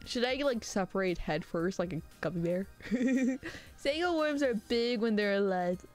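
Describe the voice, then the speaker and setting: A woman streaming live who chats casually with her viewers, animated and prone to high squealing outbursts and laughter. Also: unhurried, faint music behind.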